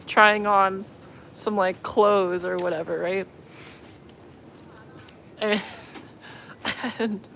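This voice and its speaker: A woman's voice: medium pitch, a bit bright, a little hiss or hum. A woman vlogger telling a story in casual chat, laughing often and filling her speech with "like". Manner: laughs often, lots of filler "like".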